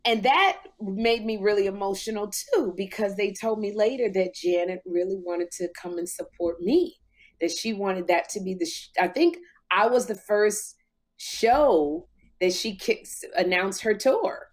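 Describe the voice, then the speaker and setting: A talk show host in her fifties tells an emotional story during a casual podcast conversation, speaking a little slowly with lively intonation. Whenever she quotes herself, her pitch leaps up.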